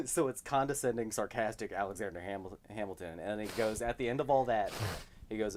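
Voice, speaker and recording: A man's voice: lowish voice, fairly quick, a little mellow, a little hiss or hum. A man co-hosting a casual live-stream chat, rambling through stories and laughing as he goes. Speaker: podcast co-host.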